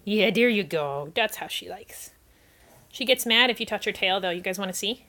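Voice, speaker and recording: A woman's voice: mid-range voice, animated, normal speed, sharp tone. A woman hosting a casual livestream, chatting with viewers and cooing baby talk at her cats.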